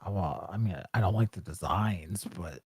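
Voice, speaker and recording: A man's voice: deep voice, normal speed, a little mellow, husky, no room sound, studio quality. A man co-hosting a casual reaction chat, blunt and wry in a laid-back way. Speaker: co-host reacting to a trailer.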